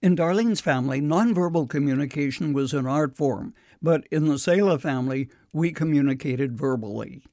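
Older man, preacher, earnest measured storyteller, gravelly, slightly high voice. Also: dark tone. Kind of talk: recounting a personal story.

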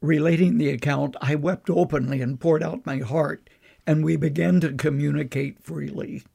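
An older man, a preacher, earnestly recounting a personal story in a measured way. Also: on the high side, steady tone, creaky, warm tone, breathy edge.

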